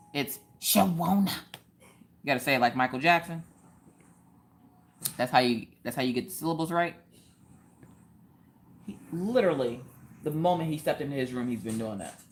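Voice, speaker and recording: A woman's voice: extremely low pitch, moderate pace, long pauses. A woman hosting a casual craft live stream, joking around and answering viewers in the chat by name.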